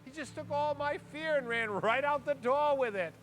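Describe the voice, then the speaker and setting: A man performing a theatrical comic monologue with wry, animated storytelling. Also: very high-pitched, moderate pace.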